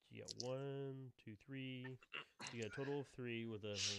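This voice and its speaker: A man's voice: mid-range voice, steady tone, moderate pace, vocal fry, a bit bright, a little hiss or hum. A man narrating a tabletop game as game master, rambling and restarting his sentences as he describes the scene. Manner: rambling, full of fillers and restarts.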